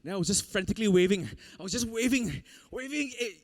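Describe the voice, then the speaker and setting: A man preaching a sermon, telling a personal story in an animated way and laughing often. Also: high voice, fast talker. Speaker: pastor.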